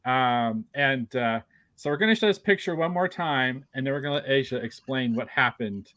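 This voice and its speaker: A man hosting a podcast, gushing with excitement and stumbling over his words in casual chat. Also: mid-range voice, normal speed, no echo. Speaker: podcast host.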